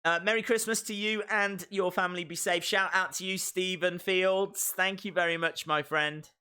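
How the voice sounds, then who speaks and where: A man hosting a live reaction stream, chatting casually and excitedly to his viewers as he thinks out loud. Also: high-pitched, moderate pace, smooth.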